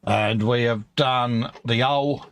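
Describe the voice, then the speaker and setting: A man's voice: mid-range voice, fairly even intonation, slow pace, a bit bright. A man from the UK co-hosting a live stream, reading out chat messages in a chummy way and calling everyone mate. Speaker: co-host of a live model-building stream.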